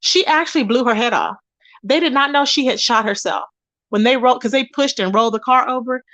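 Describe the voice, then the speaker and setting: A woman hosting a live stream, reading her chat aloud and gossiping in an animated, chatty way, calling her viewers baby and child. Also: high-pitched, brisk, no echo. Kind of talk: casual gossip commentary.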